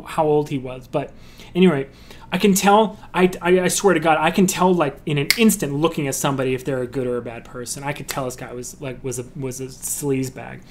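A filmmaker with a fairly high-pitched voice gives a casual lecture about crowdfunding his film. His delivery is chatty, packed with fillers and restarts, and at one point he breaks into a story.

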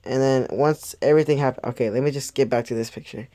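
Speaking fast in a warm, mid-range voice, a young man offers a rambling, casual episode review. He keeps losing his thread and laughing at himself. The audio is studio quality without echo.

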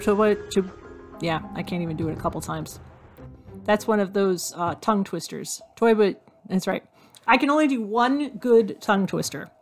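A woman giving casual commentary while playing a hidden object game, reading out item lists and joking to herself. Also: mid-range voice. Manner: chatty, reads item lists aloud, jokes to herself. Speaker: game streamer.

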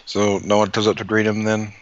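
A man's voice: fairly low pitch, monotone, brisk, no room sound. Joking, foul-mouthed player man, lo-fi sound. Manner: joking, profane. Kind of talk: casual tabletop game play.

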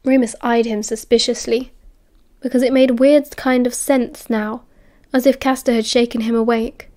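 A woman's voice: fairly high pitch, level tone, moderate pace, darkish tone. British woman narrating an audiobook.

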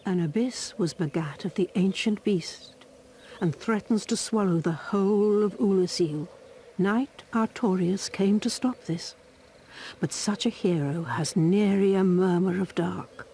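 A woman voicing a gentle, devoted ancient female mushroom guardian in a video game, speaking in solemn archaic phrasing with a breathy half-whisper. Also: mid-range voice, a little slow, a little hiss or hum, lightly acted. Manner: archaic formal speech, soft and solemn.

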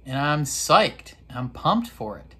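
A young man recapping a TV episode in a casual, excitable, slang-filled way, now and then mimicking characters. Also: a little high, takes it slowly, slightly rough. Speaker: reaction video host.

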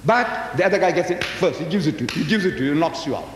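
An old man in his seventies lecturing in a storytelling way, his pitch rising and dipping all the time. He keeps turning to the audience with rhetorical questions. His voice echoes through a big hall over a faint hiss. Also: lively intonation, fast talker. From South Africa. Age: 70s. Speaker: Muslim lecturer. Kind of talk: religious public lecture.

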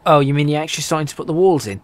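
A man's voice: on the high side, expressive, very fast. A man hosting a multiplayer game session, musing half to himself while he builds. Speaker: host. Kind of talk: casual gaming chat.

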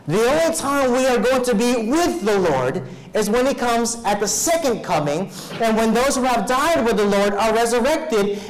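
At a live evening worship service, a male pastor delivers a sermon, reading scripture aloud and pausing so the congregation can fill in words. He gets louder as he preaches but turns soft and low for personal stories, and the audio quality is poor.

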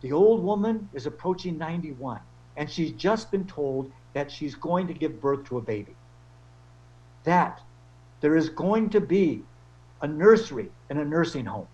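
A man's voice: on the high side, lively intonation, unhurried, darkish tone. A man lecturing with wry jokes and playful storytelling. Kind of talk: humorous lecture. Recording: dull lo-fi recording.

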